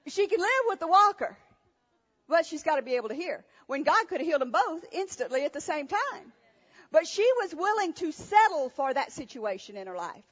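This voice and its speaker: A woman's voice: sits high, big pitch swings, fairly quick. A woman preacher giving a sermon, asking rhetorical questions and telling stories with emphasis. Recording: echoey hall, dull sound.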